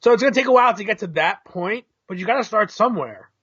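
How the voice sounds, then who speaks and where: A man co-hosting a casual soccer talk show, explaining tactics in a measured, analytical way. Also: high voice, animated, fairly bright tone, slightly rough, lo-fi sound. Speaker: co-host. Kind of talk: casual chat.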